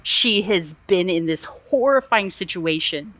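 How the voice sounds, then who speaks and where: A woman co-hosting a movie review podcast over a remote call, talking in an animated, indignant way and acting out quotes from the film in lively voices. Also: on the low side, a little slow, no echo. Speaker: podcast co-host. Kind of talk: casual movie review chat.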